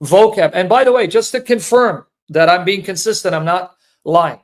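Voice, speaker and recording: A man's voice: sits high, moderate pace. A man giving an earnest, emotional personal testimony, often repeating himself. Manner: earnest, repetitive, pleading. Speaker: apologetics speaker.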